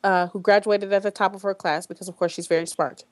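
A woman's voice: mid-range voice, steady tone, fast. A woman hosting a podcast in casual talk, speaking bluntly with frequent swearing, fillers and restarts. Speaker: podcast host.

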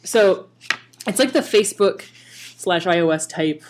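A woman co-hosting a podcast, chatting casually in an animated, self-mocking way. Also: fairly low pitch, a little slow, slight background noise. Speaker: podcast co-host. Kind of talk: casual chat.

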